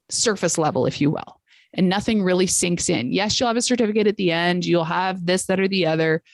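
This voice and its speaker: A woman's voice: medium pitch, no echo. A woman travel sales coach hosting a coaching call, telling stories in a chatty way with exclamations.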